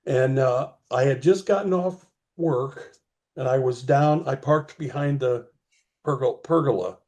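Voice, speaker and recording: A man as an interview guest, telling a rambling story slowly with many fillers. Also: mid-range voice, darkish tone.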